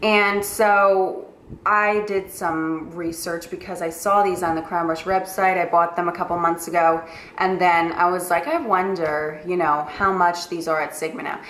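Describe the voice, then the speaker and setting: With a lowish, slightly bright voice, fairly even intonation and a somewhat slow pace, a young New York woman talks through her monthly favorites. She's a makeup artist, gushing and using many fillers, recorded with roomy echo and faint noise.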